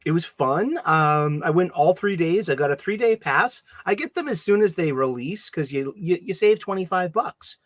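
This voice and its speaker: A man's voice: fairly high pitch, normal speed, hardly any pauses, no room sound. Chatty Boston man with a dry close sound. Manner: rambling, animated storytelling with many restarts. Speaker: podcast co-host. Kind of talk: casual chat.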